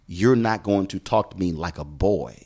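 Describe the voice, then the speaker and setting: A man's voice: low voice, normal speed, mellow. A middle-aged man, a journalist from Houston, telling stories from his career in an emphatic conversational way and acting out the dialogue he quotes. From Houston, Texas. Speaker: journalist and show host, podcast guest. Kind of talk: conversational storytelling.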